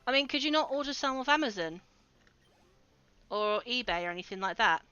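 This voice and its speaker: Giggly bright-voiced woman streamer. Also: on the high side, lively intonation, a little fast, clear, resonant tone, no echo, dull audio. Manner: giggly, chatty, talks to chat. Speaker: game streamer. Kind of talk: casual livestream commentary.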